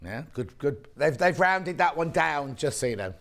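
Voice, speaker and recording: A woman presents live on a TV shopping channel from a TV studio, chatting in a bubbly way and joking with the crew between product details. Her voice is deep and expressive, at a normal speed.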